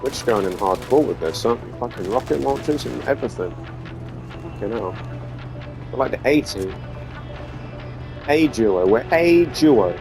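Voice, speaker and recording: A man's voice: medium pitch, animated, normal speed, gravelly, pauses often. A man giving goofy, rambling commentary while playing a game, swearing freely. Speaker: gaming video host. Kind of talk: casual gameplay commentary. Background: game music and sounds.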